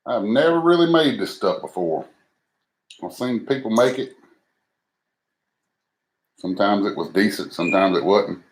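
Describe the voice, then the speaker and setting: Folksy deep-voiced man. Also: expressive, unhurried, long pauses. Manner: folksy, self-deprecating, talks to viewers as he cooks. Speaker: cooking livestream host. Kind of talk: casual live cooking chat. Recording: noisy home recording.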